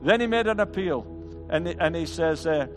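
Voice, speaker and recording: A man's voice: fairly high pitch, animated, moderate pace, long reverb tail. A male pastor preaching an earnest sermon, often stumbling and restarting his words. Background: band music.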